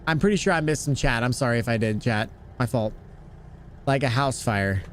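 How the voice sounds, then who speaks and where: A man's voice: medium pitch, brisk, a little hiss or hum. A man streaming a trucking game live, chatting casually with viewers, swearing often and throwing out playful mock threats. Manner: excitable, profane, mock-threatening, talks to chat. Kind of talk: casual live-stream chat while playing.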